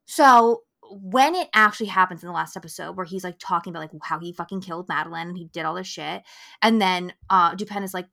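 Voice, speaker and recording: Female podcast co-host, bright tone, animated casual chat, salty language. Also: lowish voice, fast, creaky. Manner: animated, swears freely, acts out quotes.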